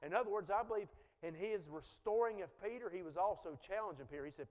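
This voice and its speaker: A man preaching a sermon as pastor, swinging between loud exhortation and hushed quotes. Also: a little high, fast, hardly any pauses. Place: church sanctuary. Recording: long reverb of a church sanctuary.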